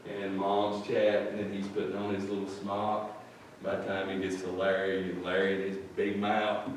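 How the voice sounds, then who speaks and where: A man's voice: fairly low pitch, steady tone, unhurried, a little hiss or hum. A male pastor preaching a sermon in a plain-spoken, folksy storytelling way. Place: church sanctuary. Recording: echoey church from far off.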